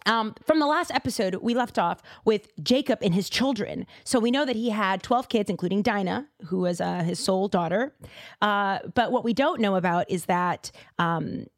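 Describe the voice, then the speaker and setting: A woman's voice: mid-range voice, moderate pace, no echo. Host: chatty woman from Boston, casual podcast talk with a dry, close sound. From Boston, USA. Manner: chatty and animated, with lots of fillers and side remarks.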